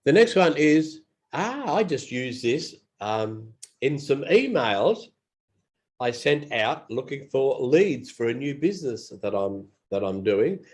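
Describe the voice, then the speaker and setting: A man's voice: mid-range voice, very animated, a little mellow. A man teaching English phrases in a casual lesson, repeating each one aloud and not feeling well. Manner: slow and repetitive, models phrases aloud. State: unwell.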